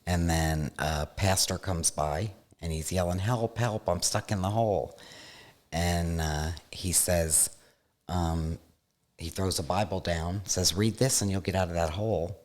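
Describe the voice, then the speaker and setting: A man hosting a casual talk, relaxed as he tells a story. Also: sits low, unhurried. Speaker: podcast host. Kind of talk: casual conversation, joke telling.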